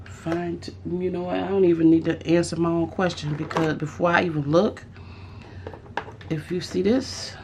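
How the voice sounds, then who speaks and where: A woman chatting casually about art supplies on her craft vlog, thinking aloud with pauses and restarts. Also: fairly low pitch, fairly even intonation, background noise. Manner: musing aloud, with fillers and restarts. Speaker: craft vlogger. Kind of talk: casual unboxing chat.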